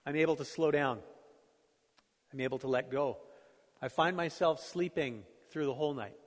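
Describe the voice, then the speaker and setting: A man's voice: a little high, normal speed. A middle-aged male pastor preaching a sermon in a conversational, storytelling way, self-deprecating about his own life. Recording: long hall reverb.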